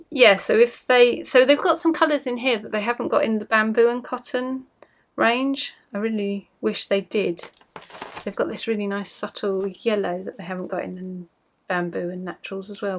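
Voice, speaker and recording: A woman's voice: medium pitch, vocal fry. A woman hosting her craft podcast at home, chatting casually to camera in a rambling, self-mocking way.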